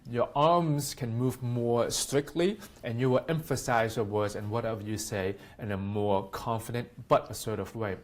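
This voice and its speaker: A man teaching public speaking tips in a casual talk to camera, often acting out example lines in a livelier, raised voice. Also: mid-range voice.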